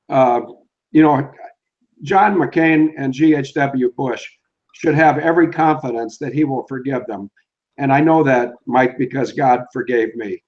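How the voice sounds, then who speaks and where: Fervent older man, preachy and slow. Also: medium pitch, a little mellow, muffled recording. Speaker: guest. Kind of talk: earnest religious testimony.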